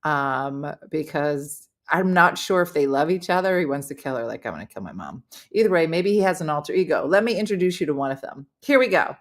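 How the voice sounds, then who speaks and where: A woman with a New Jersey accent, a comedian hosting a casual chat show and introducing her guest in an animated, chatty way. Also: sits low, fairly quick, hardly any pauses.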